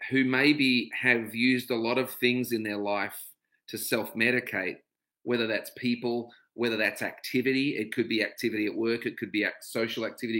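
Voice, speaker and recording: A man's voice: mid-range voice, bright, forceful tone. A middle-aged man with an Australian accent hosting a casual livestream, greeting viewers by name and talking openly about his own experiences. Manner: chatty, greets viewers by name, turns to a reflective personal talk. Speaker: livestream host. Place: home.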